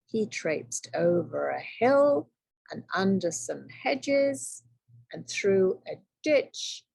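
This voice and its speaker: A woman teacher reading a picture book aloud to children, telling it in an expressive, dramatic way. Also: medium pitch, very slow, gravelly, slightly rough, no echo.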